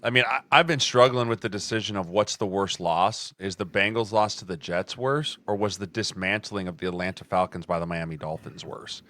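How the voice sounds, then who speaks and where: A man's voice: deep voice, a little fast, hardly any pauses, fairly bright tone. A man co-hosting a football podcast in casual, conversational chat. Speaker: podcast co-host.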